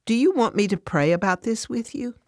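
A woman voicing a patient female friend who speaks calmly and cautiously. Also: a little high, a little fast, dry recording, studio quality, pitched above the performer's own voice, close to an everyday voice. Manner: calm, cautious, plain-spoken.

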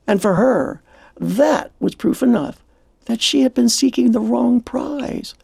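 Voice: mid-range voice, expressive, a little slow, gravelly, a little mellow, slightly rough, no echo. A presenter on a Christian program, telling a story and quoting scripture in a reflective, preacherly way. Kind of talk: scripted devotional talk.

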